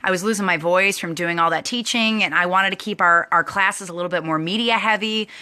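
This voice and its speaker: A woman host shares a lively personal story with her online audience, bubbly and chatty, with plenty of "likes" and restarts. Her voice is fairly low, brisk, and smooth.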